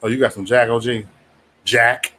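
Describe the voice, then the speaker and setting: Dude running a late night stream, cussing, laughing, chill mid voice. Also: male voice, mid-range voice, flat delivery, moderate pace, pushed and bright, slight background noise. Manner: loose, profane, laughing often, mimics others in raised voice. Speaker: livestream host. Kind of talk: casual livestream chat.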